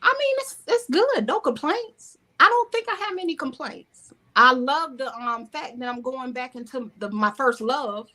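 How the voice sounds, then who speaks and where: Southern woman guest, fairly high, bright and forceful tone, chatty and rambling. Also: expressive, normal speed. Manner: loose, rambling, talks in restarts and "you know". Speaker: guest, screenwriter and singer. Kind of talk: casual interview.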